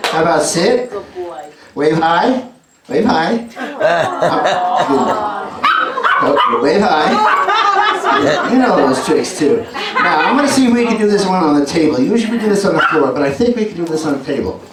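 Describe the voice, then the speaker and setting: A man with a New York accent performing a live dog trick show, chatting to the audience and cueing his dogs. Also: a little high. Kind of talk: live stage show with commentary. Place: indoor venue with an audience. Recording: roomy live hall audio from far off with loud noise.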